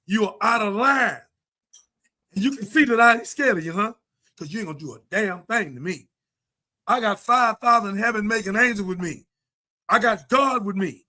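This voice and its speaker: Fiery high-voiced preaching radio host. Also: male voice. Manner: impassioned, preacher-like, shouting at times.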